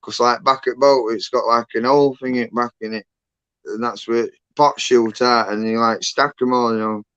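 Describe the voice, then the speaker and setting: A man rambling through a story on a livestream, padding every phrase with fillers. He corrects himself as he goes, and his voice comes across smooth and resonant. The sound is dry and a little muffled. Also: medium pitch, steady tone, normal speed, a bit bright, dry recording. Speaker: guest on a livestream. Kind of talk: casual chat.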